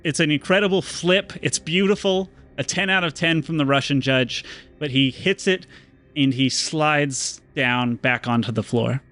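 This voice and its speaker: A man narrates a tabletop role-playing game as its game master. His voice sits a little high, and he slows down to build drama in his descriptions. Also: fairly bright tone.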